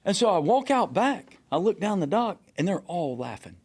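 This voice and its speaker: Man, fishing captain, animated storyteller, shouts out quoted lines, casual and profane. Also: high-pitched, moderate pace. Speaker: fishing captain, podcast guest.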